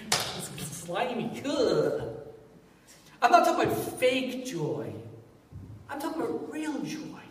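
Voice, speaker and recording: A man preaching a sermon in a jokey, animated way, swelling loud at times. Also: very high-pitched. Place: church hall. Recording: echoey hall from far off.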